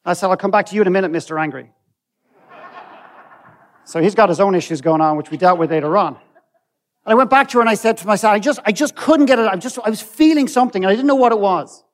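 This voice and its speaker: An Irish man speaks from a stage, telling a story from his work and voicing the people in it. His voice sits high for a man. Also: fast talker. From Ireland. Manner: storytelling, acting out dialogue. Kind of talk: storytelling talk.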